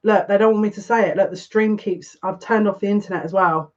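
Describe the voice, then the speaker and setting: Excitable breathless psychic. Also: mid-range voice, fairly quick. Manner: excitable, breathless, constantly breaking off mid-sentence. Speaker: psychic tarot reader. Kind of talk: live-streamed tarot reading. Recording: dull lo-fi stream audio.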